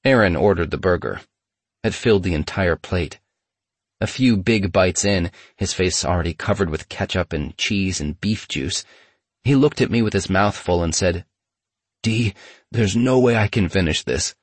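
Low husky male memoir narrator. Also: no echo. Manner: steady, measured storytelling.

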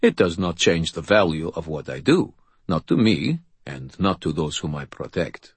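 A man doing a deep, solemn knight. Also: sing-song, moderate pace, slightly rough, no room sound, exaggerated voice. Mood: placid. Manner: formal, stiff, placid. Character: big, solemn Russian male knight.

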